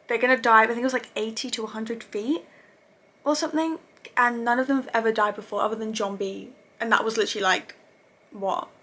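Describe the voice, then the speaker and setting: A woman's voice: fairly high pitch, brisk, bright, forceful tone. A young woman casually recapping TV episodes, chatty and gushing, with lots of fillers and self-corrections. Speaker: TV review vlogger.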